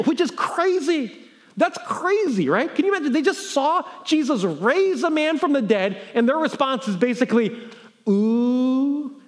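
A man preaching a sermon as pastor, conversational with fillers and restarts, building to incredulous emphasis. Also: high voice.

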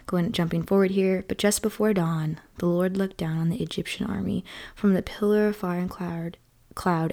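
A woman giving a casual devotional talk and reading scripture aloud, often dropping into a soft, whispery, slowed delivery on key phrases. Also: lowish voice, creaky. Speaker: devotional speaker.

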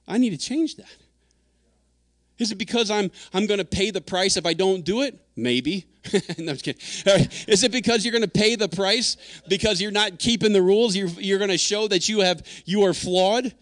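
A man's voice: high-pitched, fairly quick, a bit bright, no room sound, studio quality. A man preaching a sermon in an earnest, conversational way, acting out quotes as he goes. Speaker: pastor.

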